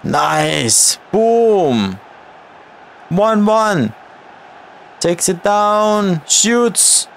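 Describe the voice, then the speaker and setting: A man giving excited live commentary on his own football video game career mode, often exclaiming at chances and shouting at the players. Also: high-pitched, very slow, vocal fry, pauses often, a little hiss or hum. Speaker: gaming YouTuber.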